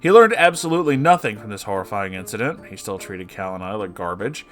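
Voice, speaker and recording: A man's voice: fairly low pitch, quick pace, soft background music. Sarcastic man reading a story aloud. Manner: sarcastic, expressive, swearing asides. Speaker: story reader. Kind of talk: dramatic reading of online stories with asides.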